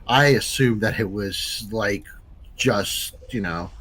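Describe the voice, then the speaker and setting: A man's voice: on the low side, takes it slowly, fairly bright tone. A man playing a tabletop game, talking in an easygoing, slightly hesitant, dry way. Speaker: player. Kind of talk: casual tabletop chat.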